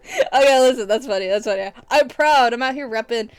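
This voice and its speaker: A woman's voice: a little high, a little fast. A woman streaming a game, chatting casually with viewers in a rambling, goofy, giggly way. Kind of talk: casual live-stream chat while gaming.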